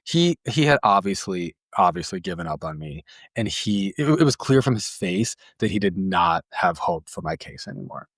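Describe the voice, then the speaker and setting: A man's voice: sits low, lively intonation, normal speed, a bit bright, dry recording, clean studio sound. A man, a therapist hosting a podcast, telling a personal story in a casual, emotional way, with lots of "like" fillers and some swearing. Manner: emotional, inward.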